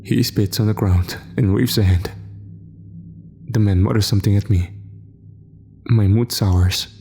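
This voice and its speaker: A man narrating a horror story in measured first-person storytelling. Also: fairly low pitch, steady tone, creaky, warm tone, a little hiss or hum.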